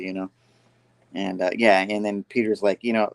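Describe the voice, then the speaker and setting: Man, comic review host, casual rambling chat, lots of fillers and laughs, lowish voice, dry close sound. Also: flat delivery, moderate pace, vocal fry, long pauses, no room sound.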